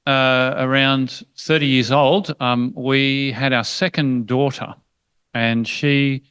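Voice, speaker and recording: Smooth-voiced man. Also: mid-range voice, a bit bright, no room sound. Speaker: panel speaker. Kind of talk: panel discussion, personal story.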